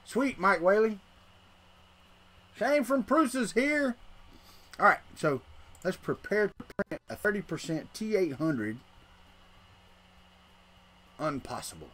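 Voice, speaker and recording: A man's voice: fairly high pitch, very animated, measured pace, pauses often, fairly bright tone. A middle-aged man, hosting a casual livestream and rambling to his chat while he tinkers. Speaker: livestream host.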